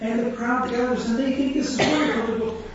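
A man preaching a sermon, telling stories with animated quotes and frequent laughter. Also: very high-pitched, a little fast, noisy background. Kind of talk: sermon with storytelling. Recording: echoey distant hall sound, dull.

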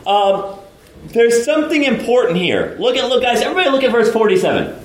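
Animated preacher in an echoey hall. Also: male voice, extremely high pitch, brisk, distant mic. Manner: animated, swings between loud outbursts and hushed asides; casual, slangy delivery with frequent laughs. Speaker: pastor. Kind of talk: lively sermon.

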